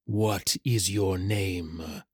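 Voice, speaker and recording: A man doing a slow, deep, menacing shadow rider. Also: husky, no room sound, clean studio sound, full character voice. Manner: slow, low, commanding. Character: faceless male shadow rider, looming and menacing.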